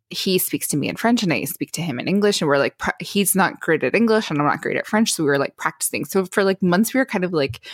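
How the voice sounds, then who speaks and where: A young woman, co-hosting a podcast and telling a story in a casual, animated way, full of fillers. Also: on the low side, no echo, studio quality. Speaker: podcast co-host.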